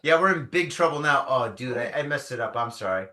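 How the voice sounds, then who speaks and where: A man from Michigan hosting a podcast, telling stories in an animated, casual way. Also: medium pitch, brisk. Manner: animated storyteller. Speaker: podcast host. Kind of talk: casual chat.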